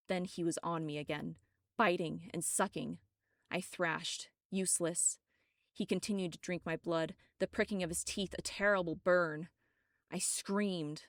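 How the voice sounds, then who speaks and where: Woman narrator, audiobook reading, low voice, vocal fry, dry close sound. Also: unhurried, no room sound. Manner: steady, dramatic first-person reading. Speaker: author reading her own story.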